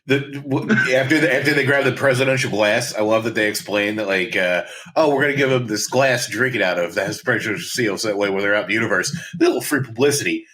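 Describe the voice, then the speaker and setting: A man's voice: lowish voice, quick pace, hardly any pauses, a bit bright, poor audio. A man co-hosting a podcast, chatting casually about a movie, acting out lines and laughing often. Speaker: podcast co-host. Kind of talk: casual movie-review chat.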